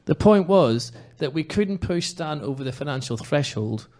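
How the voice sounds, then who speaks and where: A man's voice: fairly high pitch, lively intonation, moderate pace, darkish tone. A man hosting a football podcast in casual chat, talking in an impassioned, emphatic way. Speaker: podcast host.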